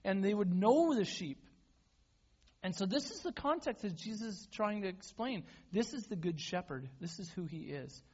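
A man preaches a sermon in a loose, conversational way, often restarting his words. His voice sits fairly high, and the recording sounds dull and lo-fi. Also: a little mellow, slightly rough. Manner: conversational, self-deprecating, repeats and restarts words. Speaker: pastor.

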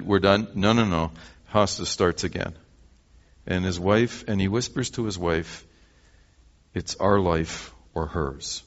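Deep-voiced Canadian man preaching. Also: highs cut off. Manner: animated storyteller acting out dialogue. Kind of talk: sermon storytelling.

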